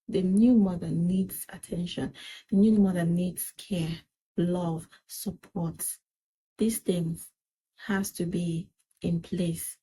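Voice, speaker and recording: A woman's voice: on the low side, warm tone, a little hiss or hum, poor audio. A young woman, earnestly giving advice in a casual vlog chat and repeating points for emphasis. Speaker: parenting vlogger.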